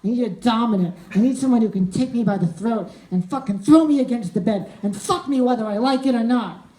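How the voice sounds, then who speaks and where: A man voicing a blunt, eager young woman on a date, rushing her words in a low, hurried tone, recorded in an echoey club with audience noise. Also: mellow. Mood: demanding.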